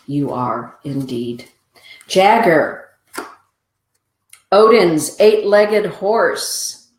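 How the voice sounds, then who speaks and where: A woman's voice: on the low side, reverberant, low-quality recording. A woman hosting a show, giving soothing, affirming oracle card readings and greeting listeners by name.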